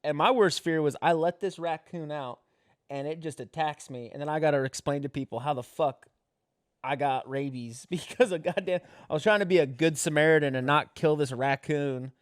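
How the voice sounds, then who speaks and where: A man's voice: fairly high pitch, normal speed, no room sound, clean studio sound. A young man, a guest comedian, telling a rambling, profanity-laden story in casual podcast chat, laughing as he goes.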